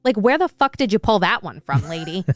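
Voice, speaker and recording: A woman's voice: mid-range voice, very animated, brisk, no room sound. A woman co-hosting a true crime podcast, reading news quotes and ranting indignantly with frequent swearing.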